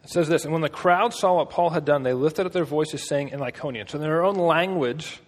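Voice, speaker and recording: Speaking fairly quickly with hardly any pauses, a husky, fairly high-voiced man delivers a relaxed, conversational sermon of stories and jokey asides. A long reverb carries his words through the hall.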